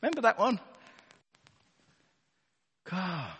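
A man's voice: sits high, sing-song, slow pace, pushed and bright, husky. A man preaching a sermon to a live congregation, conversational and wry, throwing rhetorical questions at his listeners over a wireless microphone. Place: church hall with a live congregation. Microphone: wireless battery microphone. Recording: long reverb of a large hall.

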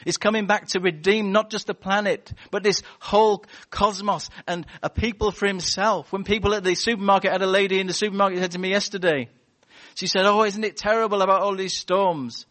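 Man preaching an animated sermon. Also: high-pitched, brisk. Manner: animated, storytelling with acted-out voices.

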